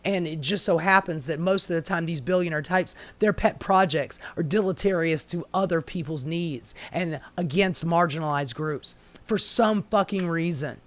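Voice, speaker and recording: A man's voice: fairly high pitch, normal speed, few pauses, a bit bright. A man giving heated, sarcastic commentary on a news story, swearing freely and mocking the people involved. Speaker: commentary host.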